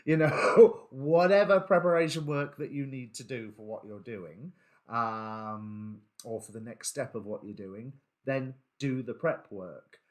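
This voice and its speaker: A man's voice: medium pitch, measured pace. A man giving a casual spoken tarot reading, hesitant, with many ums and self-corrections. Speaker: tarot reader.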